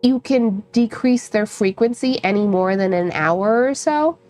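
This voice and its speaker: A woman's voice: medium pitch, unhurried, faint music behind. A young woman streaming a visual novel, chatting casually and reading the narration aloud with frequent laughs. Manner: chatty, laughs often, reads narration softly.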